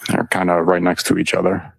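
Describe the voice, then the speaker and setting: A man, a firefighter, testifying in court with hesitant, short answers and many pauses. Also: sits low, completely flat delivery, vocal fry, husky, poor audio. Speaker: firefighter witness. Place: courtroom witness stand.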